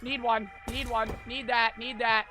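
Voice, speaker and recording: A young man streaming a surgery game, yelling and swearing in frantic outbursts. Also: extremely high pitch, flat delivery, a little slow, music in the background. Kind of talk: live gameplay commentary.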